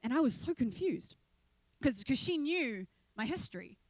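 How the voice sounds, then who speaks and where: A woman's voice: high voice, normal speed, dry recording. Young woman telling her story in a sermon. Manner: animated storytelling, acting out quoted voices. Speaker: guest speaker.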